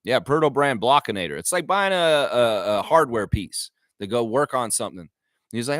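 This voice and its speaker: A man's voice: medium pitch, moderate pace, dry recording, clean studio sound. A man hosting a basketball fan livestream, talking in a loose, ranting commentary style with mocking asides. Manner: animated, ranting, mock-voices in asides.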